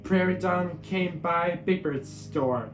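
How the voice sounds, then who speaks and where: A man reading a picture book aloud in a steady way, with small slips. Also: high-pitched, slow pace. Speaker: storybook reader. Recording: echoey room with guitar music.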